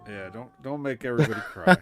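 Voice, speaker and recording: A man's voice: medium pitch, fast talker, fairly bright tone, faint music behind. A man co-hosting a podcast, chatting casually with a dry, sarcastic manner. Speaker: podcast co-host. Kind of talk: casual wrestling banter.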